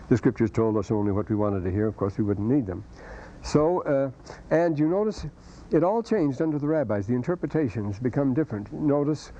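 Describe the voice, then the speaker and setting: A man's voice: mid-range voice, warm tone. A man giving a classroom lecture in a rambling, scholarly way, with many restarts and asides. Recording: dull lo-fi lecture recording with faint hiss.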